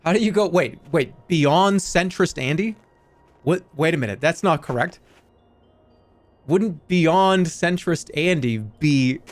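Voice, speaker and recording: A man in his thirties chatting casually with his live chat, animated and jokey, swinging between loud outbursts and low mutters. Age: 30s. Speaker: livestreamer.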